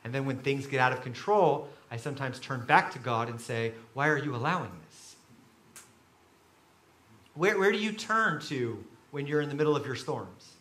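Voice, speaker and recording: A man preaching a sermon to a room full of listeners, swinging between quiet reflection and loud emphasis as he acts out quoted voices. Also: medium pitch, animated, a little fast, few pauses, reverberant. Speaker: pastor. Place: large room with an audience.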